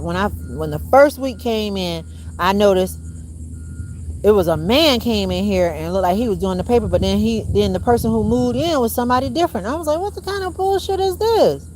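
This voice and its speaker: A woman's voice: on the low side, noisy background. A woman vlogging in a casual monologue, rambling and emphatic, swearing often and calling her viewers y'all. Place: rented home.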